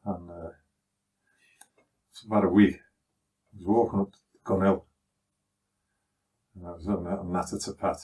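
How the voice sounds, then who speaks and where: An older man from Liverpool with a broad Scouse accent, talking over his memories in a relaxed, anecdotal way. His voice sits fairly low and lands a little distant from the microphone. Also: measured pace, long pauses. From Liverpool, England. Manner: chatty anecdotal telling, acting out others' voices. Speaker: father recounting his life. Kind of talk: conversational life-story storytelling.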